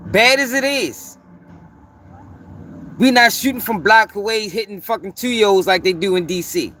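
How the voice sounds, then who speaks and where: A man's voice: high-pitched, a bit bright. Profane, emphatic man ranting. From Baltimore. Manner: profane, emphatic, repeats points for stress. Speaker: commentary channel host. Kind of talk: heated commentary rant.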